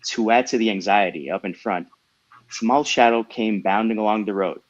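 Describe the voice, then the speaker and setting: Low-voiced man reading his novel aloud. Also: moderate pace, no echo. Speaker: host and author. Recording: dull lo-fi mic, dry.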